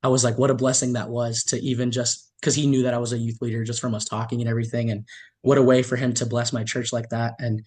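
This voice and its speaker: A man's voice: medium pitch, little pitch movement, quick pace, darkish tone. A man who is a youth leader and hospitality worker, telling stories as a podcast guest in an enthusiastic, grateful way with frequent restarts. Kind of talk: casual storytelling in an interview.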